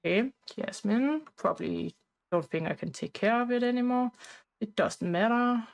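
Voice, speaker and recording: A woman's voice: on the high side, lively intonation, normal speed, gravelly, a little mellow, rough recording. Chatty woman narrating a game. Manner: rambling, talkative, loose informal grammar. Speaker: gameplay narrator. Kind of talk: casual life-sim playthrough commentary.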